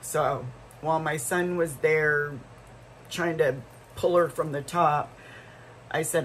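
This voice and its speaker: A woman's voice: deep voice, steady tone, slow pace, long pauses, a little hiss or hum, rough recording. A middle-aged woman vlogger telling a story in a casual, rambling way, full of asides and restarts.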